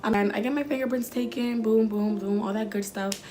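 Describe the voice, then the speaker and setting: A sassy young woman with a fairly high voice, telling a story to camera in an animated, profane way. Faint music plays softly behind her. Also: moderate pace. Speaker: vlogger. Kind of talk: storytime vlog.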